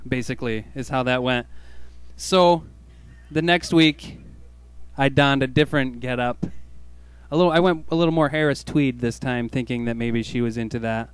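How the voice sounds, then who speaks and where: A man's voice: mid-range voice, fairly even intonation, normal speed, clear, resonant tone, no room sound. A man hosting a radio show, telling a jokey, self-mocking story in a laid-back way. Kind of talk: comic storytelling monologue.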